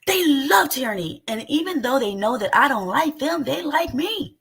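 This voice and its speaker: A woman giving heated reaction commentary, loud, indignant and mocking, with frequent outbursts. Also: high voice, animated, moderate pace, creaky. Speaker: commentator reacting to a stream clip.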